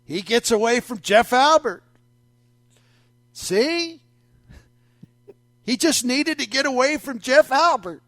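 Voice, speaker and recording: A man's voice: very high-pitched, lively intonation, takes it slowly, long pauses, fairly bright tone, dry recording, clean studio sound, pitched above the performer's own voice, exaggerated voice. A man mimicking a smug, whiny male fan who thinks he knows it all.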